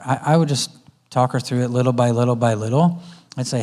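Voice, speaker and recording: Speaking fast in a mellow, mid-range voice, a man gives a parenting talk as a guest speaker at a church conference in a church auditorium. He frequently plays out conversations between parent and child, switching voices for each.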